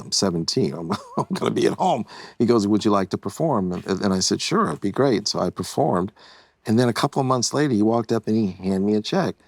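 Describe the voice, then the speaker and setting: A man in his sixties, a podcast guest, telling an animated story and acting out the quotes. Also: fairly low pitch, dry recording, clean studio sound. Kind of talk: casual storytelling.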